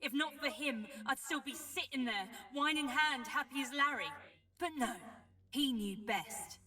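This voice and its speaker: A scornful female dwarf ghost from a video game, sharp-tongued and resentful. Her voice is bright and a touch high. It sits back from the microphone in the game mix. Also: a little slow. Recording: game audio, heard from a distance.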